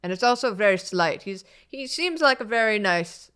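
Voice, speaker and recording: A woman's voice: mid-range voice, animated, normal speed, fairly bright tone, smooth. A woman in casual chat describing a man's face in detail, hesitant and stopping often to find words.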